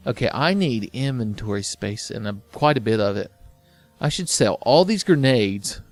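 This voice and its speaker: A man's voice: mid-range voice, lively intonation, moderate pace. Male let's play host, sarcastic and foul-mouthed, rambling casual game commentary.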